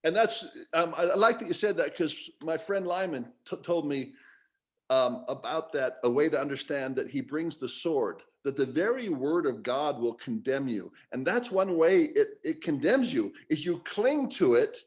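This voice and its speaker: A man in a casual spiritual discussion, talking in an animated way and laughing readily. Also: a little high, normal speed.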